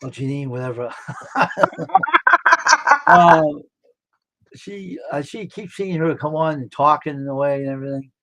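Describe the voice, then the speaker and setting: A man's voice: fairly high pitch, normal speed, a bit bright, no echo. A man co-hosting a live stream, chatting casually and agreeing often with short murmurs. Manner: supportive listener, frequent murmured agreement.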